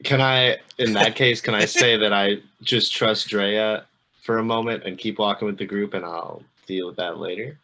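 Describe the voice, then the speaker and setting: Low-voiced man, bright tone, tabletop player. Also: fairly even intonation, normal speed. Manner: laid back, describes his character's actions. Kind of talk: casual game chat.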